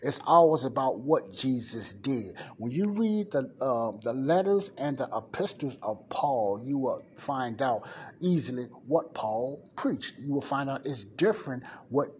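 A man delivers a Bible teaching at a middle pitch, reading verses aloud and then breaking them down. He keeps checking in with his listeners as he explains. A faint hiss sits under the recording. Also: sing-song, measured pace, a little mellow.

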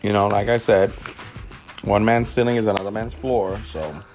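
Soft music plays behind this South Bronx, New York father as he hosts his casual podcast, his lowish voice steady and a little mellow at normal speed. He rambles and cracks self-mocking jokes while chewing a mouthful of potato.

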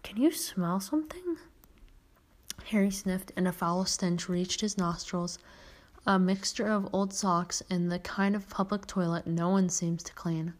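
A woman's voice: lowish voice, level tone, measured pace. A woman hosting a podcast, reading a children's novel aloud, with occasional stumbles and self-corrections. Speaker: podcast host reading a story.

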